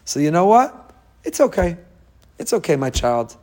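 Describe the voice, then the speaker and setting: A man voicing a gentle, forgiving father who soothes his child in soft, repeated reassurances. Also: high-pitched, very animated, moderate pace, voice pushed up. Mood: tender reassurance.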